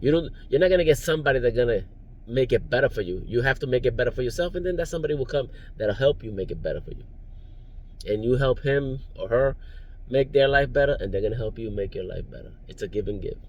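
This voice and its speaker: A man's voice: mid-range voice, expressive, quick pace, darkish tone, lo-fi sound. A man giving rambling, preachy life advice in a casual vlog, recorded in his parked car, chuckling now and then. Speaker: vlogger, driver.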